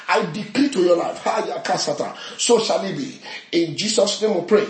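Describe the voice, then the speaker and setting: Male pastor, very high and animated, chanting declarations in a roomy church. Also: moderate pace, background noise. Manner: shouts repeated declarations, bursts into tongues. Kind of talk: fervent prayer session. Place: church service. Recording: roomy echoey hall.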